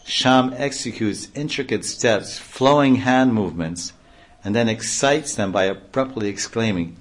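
A man's voice: mid-range voice, measured pace. A man giving a devotional reading aloud, breaking off into offhand comments and explanations. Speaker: reader and speaker.

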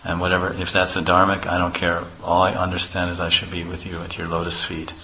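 A meek, pure-hearted young disciple, put on by a male preacher in a hushed and tearful voice. He pleads low and soft, with a clear, bright edge to his tone. He sounds ashamed and afraid. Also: monotone, quick pace, slight background noise, low-quality recording. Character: simple, innocent young male village disciple, fearful.

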